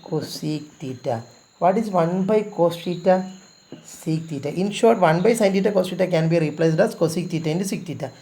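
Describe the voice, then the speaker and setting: A man's voice: high-pitched, normal speed, vocal fry, dark tone. A man teaching a recorded math lesson, explaining patiently step by step, repeating himself and pleading with students to practise.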